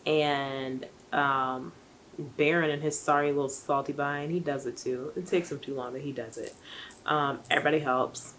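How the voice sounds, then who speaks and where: A woman's voice: sits low, fairly even intonation, normal speed, fairly bright tone, a little hiss or hum, low-quality recording. A young woman rambling through a casual book recap, full of fillers and asides. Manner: rambling, chatty, many fillers. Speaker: book vlogger.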